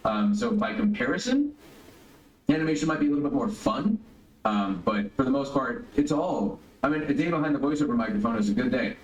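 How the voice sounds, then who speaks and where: A man, a voice actor, answering interview questions over a video call in a relaxed, rambling way. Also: medium pitch, fairly quick. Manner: relaxed, rambling, restarts sentences. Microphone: video call audio. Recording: roomy, distant video call audio.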